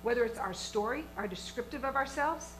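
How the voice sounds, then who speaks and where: A woman minister preaches in a high, bright voice. She is earnest and emphatic, and she often stops to ask her congregation questions. She is speaking in a church sanctuary. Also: expressive, brisk, a little hiss or hum, poor audio. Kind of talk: sermon.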